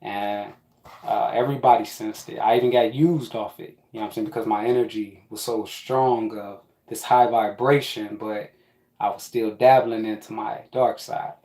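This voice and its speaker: In a casual spiritual monologue, a man with a lowish voice tells a rambling, profane personal story at a moderate pace. He's animated, throwing in quoted asides, and the sound is roomy.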